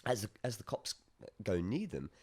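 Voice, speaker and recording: A man's voice: lowish voice, sing-song, normal speed, a little mellow, slightly rough. A man with an Australian accent, co-hosting a casual podcast in a studio, reviewing films in a loose, rambling way and swearing often. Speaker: podcast co-host. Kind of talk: casual chat, film review.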